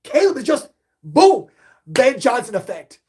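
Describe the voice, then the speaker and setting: A man's voice: very high voice, measured pace, slightly rough. A middle-aged man hosting a live sports podcast stream, reading chat questions aloud and getting hyped up. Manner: animated, hypes himself up, reads chat questions aloud.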